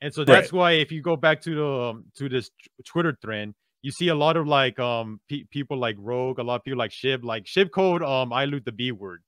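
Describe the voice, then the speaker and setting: A man co-hosting a podcast, telling a story in an animated way and often checking in with "right?". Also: mid-range voice, a little fast, hardly any pauses, no room sound, clean studio sound. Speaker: podcast co-host. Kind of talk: casual podcast discussion.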